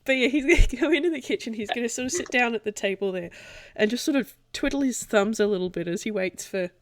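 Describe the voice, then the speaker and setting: A woman's voice: fairly high pitch, fast talker, no room sound, clean studio sound. A woman playing a tabletop game, cheerful and often laughing as she describes her character's actions. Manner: cheerful, giggly. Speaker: player.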